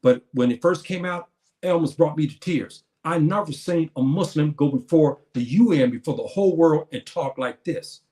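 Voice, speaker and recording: A man's voice: fairly high pitch, normal speed, mellow. A man giving an earnest spoken religious lecture, addressing his listeners as brothers and sisters, often restarting his phrases. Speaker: Muslim preacher.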